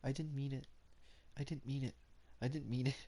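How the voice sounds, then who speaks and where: A man's voice: mid-range voice, flat delivery, fairly quick, creaky, dark tone. A man reading the lines of a shy, anxious teenage bookworm girl in a dating game, flustered and stammering. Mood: pleading.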